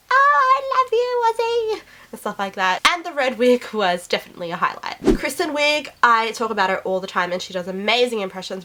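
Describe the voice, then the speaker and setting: A woman's voice: mid-range voice, a bit bright. A woman vlogger chatting casually and gushing, with lots of "like" fillers. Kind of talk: casual chat.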